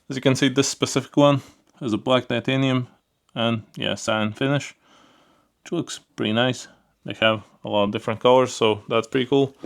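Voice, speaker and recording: Gravelly man reviewing gear casually. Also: medium pitch. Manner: relaxed, repeats fillers like "pretty cool" and "yeah"; handles the gear while talking. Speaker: product reviewer.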